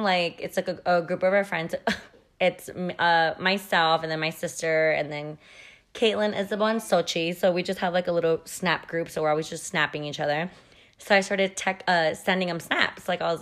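Female podcast host, lower voice, loose profane storyteller. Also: a bit bright. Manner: chatty and profane, heavy use of "like". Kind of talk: casual storytelling.

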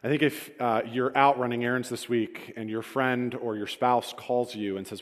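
A man's voice: medium pitch, steady tone, normal speed. A man preaching a sermon in a conversational, self-deprecating storytelling manner, in a church hall. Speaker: pastor. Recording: reverberant hall.

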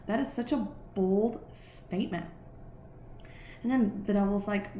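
A woman's voice: medium pitch, measured pace, pauses often, mellow. Earnest woman musing on faith, roomy echo. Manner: earnest and conversational, many fillers like "like" and "right". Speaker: Christian devotional speaker. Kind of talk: casual devotional reflection. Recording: echoey room with faint background noise.

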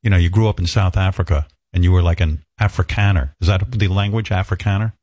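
Low-voiced teasing male host. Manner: teasing, deadpan jokes, slow deliberate phrasing. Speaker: talk show host. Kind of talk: comedic interview.

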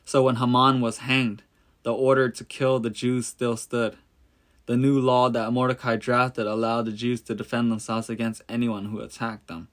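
A man's voice: medium pitch, level tone, normal speed. Man reading a Bible story aloud.

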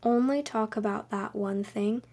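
A young woman hosting a podcast, giving advice in a calm, earnest, conversational monologue. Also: fairly high pitch, a little slow, breathy edge. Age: young adult. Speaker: podcast host.

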